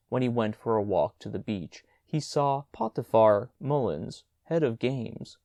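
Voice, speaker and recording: A man narrating a classic short story as an audiobook, with expressive storytelling. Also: medium pitch, dry recording, studio quality. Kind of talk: audiobook reading.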